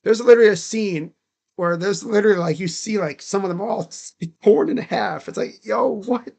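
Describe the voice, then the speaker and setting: A man's voice: high-pitched, moderate pace, gravelly, a little mellow. A young man giving casual live play-by-play, rambling and slangy between calls. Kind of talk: casual live reaction commentary.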